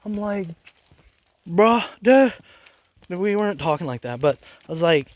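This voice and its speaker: A man's voice: fairly high pitch, lively intonation, fast talker, no echo. A man in his forties telling personal stories in a casual vlog, blunt and profane, rambling with bursts of anger. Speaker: vlogger.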